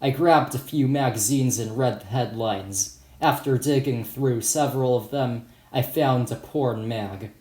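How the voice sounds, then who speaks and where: A man's voice: mid-range voice, measured pace, hardly any pauses, a little mellow. A man reading his own first-person story as an audiobook in a plain, matter-of-fact way. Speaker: author and narrator. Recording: roomy echo.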